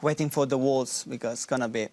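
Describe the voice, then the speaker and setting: A man giving brief, halting answers in an interview. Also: medium pitch, fairly even intonation, a little mellow. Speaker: dance partner. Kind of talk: casual interview chat.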